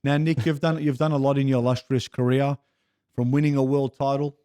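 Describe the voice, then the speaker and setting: A man's voice: medium pitch, flat delivery, fairly quick, warm tone, smooth, dry recording. A man hosting a podcast interview in a gym, upbeat and chatty, a little out of breath after sparring. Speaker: podcast host. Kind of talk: casual interview.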